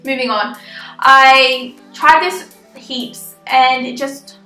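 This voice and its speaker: Casting note: young woman, bright and sharp-toned, blunt, swearing beauty vlogger. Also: high-pitched, takes it slowly. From Australia. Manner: blunt, ranting, swears freely. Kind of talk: casual product review vlog. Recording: echoey room with faint music.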